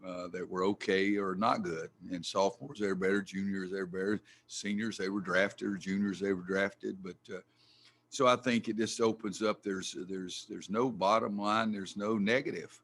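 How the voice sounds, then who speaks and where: Casting: older man, gravelly low voice, folksy and blunt coach at a press conference. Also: fairly even intonation, normal speed, fairly bright tone, a little hiss or hum. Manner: folksy, blunt, gets worked up and swears mildly. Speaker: head basketball coach.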